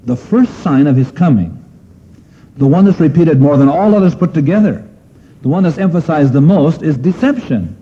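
A man's voice: a little high, expressive, moderate pace, dark tone, husky. A man preaching a sermon in an earnest manner, asking his listeners questions and pressing on key phrases. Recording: dull lo-fi sermon recording.

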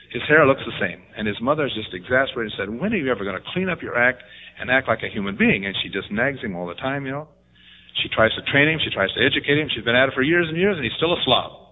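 A man preaching a sermon with animated storytelling, jumping up in pitch to act out quotes. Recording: tinny phone-like band.

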